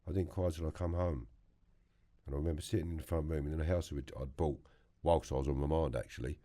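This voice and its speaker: A middle-aged man with a London accent speaks in a very low voice. He tells blunt, plain-spoken stories as a podcast guest in a studio. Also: steady tone, fast talker, dark tone. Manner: blunt storytelling, mimics others. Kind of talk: casual chat.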